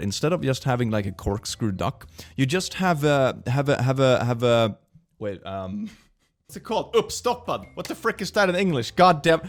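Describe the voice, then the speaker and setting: A man's voice: medium pitch, wildly swooping pitch, moderate pace. A man from Sweden with a Swedish accent, hosting in a playful, goofy, casual comedic commentary style. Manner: playful, goofy, jumps into silly voices. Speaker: host.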